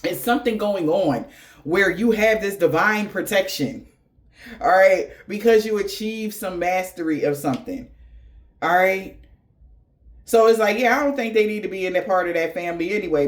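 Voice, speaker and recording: A man gives a casual spiritual reading. He talks in a loose, slangy, profane way. He laughs often as he spins stories. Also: high-pitched. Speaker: tarot reader.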